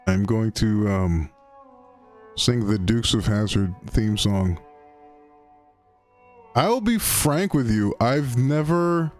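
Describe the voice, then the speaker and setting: A man's voice: on the low side, a little mellow. A man casually commenting while playing a game on a live stream, rambling and swearing and riffing on slang.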